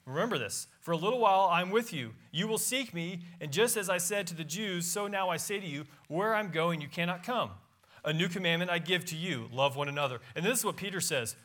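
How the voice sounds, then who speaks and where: A man's voice: high-pitched, lively intonation, a little fast, fairly bright tone. A pastor preaching a sermon in a church, reading scripture aloud with emphatic rises and drops in his voice. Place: church sanctuary.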